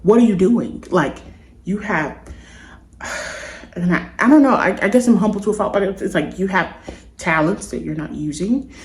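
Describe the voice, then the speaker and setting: A woman's voice: mid-range voice, animated, moderate pace, long pauses, slight background noise. A woman vlogger telling a personal story to camera in an earnest, confiding, meandering way. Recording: echoey room.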